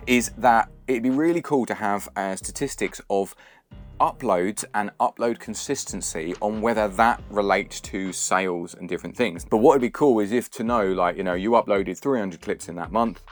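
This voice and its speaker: A male vlogger with a lowish voice who chats casually to his viewers. He rambles and makes fun of himself. Soft music plays in the background. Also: normal speed. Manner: chatty, rambling, self-deprecating. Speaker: channel host. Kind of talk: casual vlog talk to camera.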